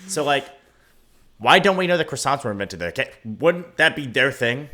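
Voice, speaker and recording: A man's voice: mid-range voice, animated, normal speed, bright, forceful tone. A young man hosting a podcast quiz in casual chat, teasing his co-host and laughing often.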